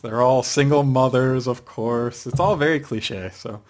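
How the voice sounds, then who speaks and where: A man's voice: medium pitch, a little slow. A man co-hosting a podcast, reviewing a comic book in a casual, rambling way with many fillers and restarts. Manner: rambling, hesitant with frequent fillers. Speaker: podcast co-host.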